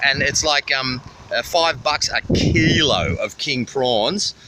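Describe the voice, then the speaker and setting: A man's voice: mid-range voice, slow pace. Profane, rambling Australian man. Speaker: vlogger. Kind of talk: casual roadside travel vlog. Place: outdoors at a busy roadside. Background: faint passing traffic.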